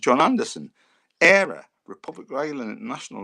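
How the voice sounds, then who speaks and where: A man in his fifties with a Geordie accent, a former footballer telling lively anecdotes as a guest. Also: mid-range voice, a little fast. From Newcastle, England. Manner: lively storyteller who acts out the voices of others.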